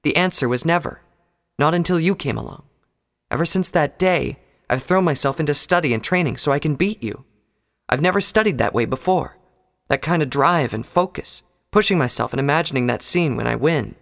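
A man's voice: on the high side, expressive, fairly quick, vocal fry, a bit bright, pitched above the performer's own voice. A man voicing an earnest, proud young female unicorn mage in a raised, indignant voice. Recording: long hall reverb.

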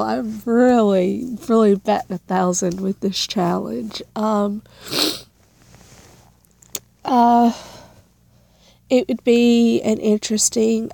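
Slow, gravelly-voiced woman vlogger. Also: a little high, mellow, no echo. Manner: rambling, giggly, self-deprecating. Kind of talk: casual tag-challenge vlog.

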